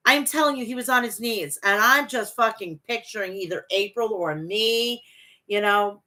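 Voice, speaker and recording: Bright-voiced woman in her forties chatting wrestling. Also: mid-range voice, moderate pace. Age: 40s. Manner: profane, gushing and rambling. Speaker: wrestling podcast host. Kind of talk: casual chat reading live chat.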